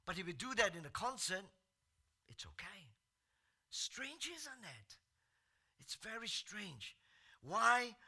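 High-pitched, bright-voiced preaching man. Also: very animated, gravelly, slightly rough. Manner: swings from soft, slow talk to shouted outbursts; rhetorical questions to the congregation. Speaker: pastor. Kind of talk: sermon.

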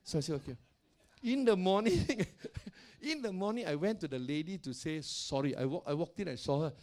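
An older man, a pastor, telling stories in a sermon in a loud, animated way, often laughing and acting out the voices of the people he quotes. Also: a little high, normal speed. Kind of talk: sermon storytelling.

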